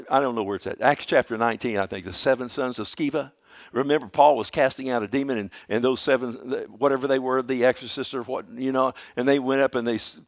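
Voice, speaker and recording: A male pastor preaching a sermon, emphatic and animated, acting out scripture quotes and dropping to whispers, often repeating words as he goes. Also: medium pitch.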